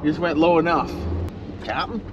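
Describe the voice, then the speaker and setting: A middle-aged man with a somewhat high voice chats in a folksy, rambling way while he drives. He talks to the camera and to animals he passes. Engine and road noise fill the cab. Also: moderate pace, dull audio. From Ontario, Canada. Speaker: vlogger. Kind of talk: casual driving commentary. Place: inside a moving old pickup truck. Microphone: camera mounted in the truck cab.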